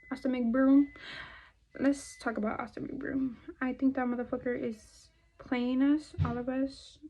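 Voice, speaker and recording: A young woman with a slightly high voice talks through her makeup routine in loose, profane chat. She rambles from one topic to the next and now and then drops to a murmur or half-whisper. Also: warm tone, rough recording. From California. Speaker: beauty vlogger. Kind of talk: casual chat while doing makeup.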